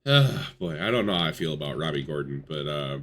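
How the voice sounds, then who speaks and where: Excitable young man with a bright edge. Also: extremely low pitch, fairly quick. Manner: excitable, swearing, swings between hype and mumbled asides. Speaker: gaming YouTuber. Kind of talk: casual commentary on a racing simulation.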